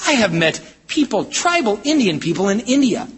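A man preaching a sermon from the United States, in an emphatic style that swings between loud exclamations and low, intense statements. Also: sing-song, moderate pace, few pauses, breathy edge. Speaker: pastor. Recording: hall reverb.

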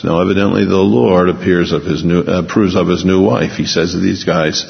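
A man preaching a sermon who acts out the figures of the story in quick voices and often chuckles. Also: low-pitched, vocal fry. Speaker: pastor. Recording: dull sound in a reverberant hall.

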